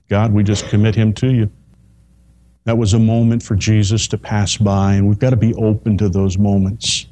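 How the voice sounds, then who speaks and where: Male preacher, lowish voice, deliberate slow emphasis on repeated lines. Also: mellow. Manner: slows down to stress key phrases, repeats lines for effect. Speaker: pastor. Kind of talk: sermon.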